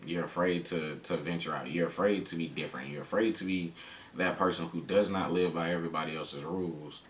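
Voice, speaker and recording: Deep-voiced man, blunt and emphatic. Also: steady tone, a little fast. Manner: blunt and emphatic, slangy with frequent swearing; turns motivational and preachy. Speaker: vlogger telling his story. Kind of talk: candid personal storytelling. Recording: roomy, distant mic, faint rumble.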